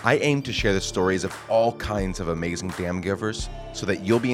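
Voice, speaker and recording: Deep-voiced guy hosting a podcast, jokey and loose, morning voice, faint music behind. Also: brisk. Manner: jokey, casual, self-deprecating. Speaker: podcast host. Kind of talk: conversational podcast interview.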